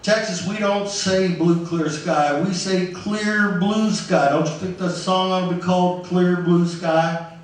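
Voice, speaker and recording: A man voicing a laid-back Texan country star who talks slowly and plainly on a phone call, in an echoey live club. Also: sits high, steady tone, distant mic, pitched above the performer's own voice. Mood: drawling.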